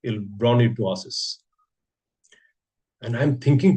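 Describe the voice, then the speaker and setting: Guy preaching a story, husky voice, keeps asking questions. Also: mid-range voice, slow pace, dark tone, dull audio. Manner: storytelling with rhetorical questions and repetitions. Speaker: preacher giving a scripture class. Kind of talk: sermon.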